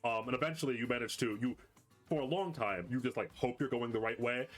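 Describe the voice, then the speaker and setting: A man serves as game master for a tabletop game, narrating scenes in a loose, rambling way full of fillers. His voice sits at an ordinary middle pitch, and faint music plays underneath. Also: a little fast, fairly bright tone. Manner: casual, rambling, with many fillers.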